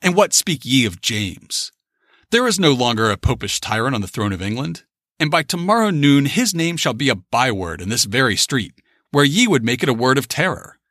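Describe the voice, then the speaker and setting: A man's voice: medium pitch, very animated, moderate pace, fairly bright tone, dry recording, clean studio sound. A man voicing a stern ancient male Puritan ghost, speaking old-fashioned commanding words with solemn composure. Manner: solemn archaic commanding speech. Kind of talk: dramatic story reading.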